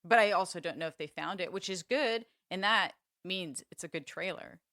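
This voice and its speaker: A woman co-hosting a movie review podcast in casual, relaxed chat. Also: lowish voice, normal speed. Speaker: podcast co-host.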